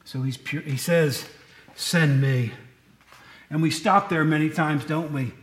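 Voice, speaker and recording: High-voiced chatty pastor in a church. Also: male voice, normal speed, echoey room. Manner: chatty, joking asides to the congregation. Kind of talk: casual sermon.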